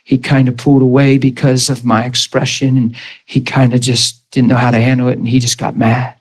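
In a rough recording, a pastor preaching slightly fast in a mid-range, completely flat voice recounts a personal story. He acts out the quoted dialogue, his voice rising and falling as he plays each person.

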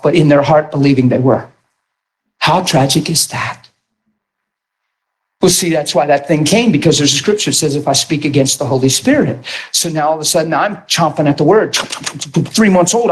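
A man preaching a sermon and telling his testimony in an animated storytelling manner, bursting into shouts at times. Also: on the high side, moderate pace.

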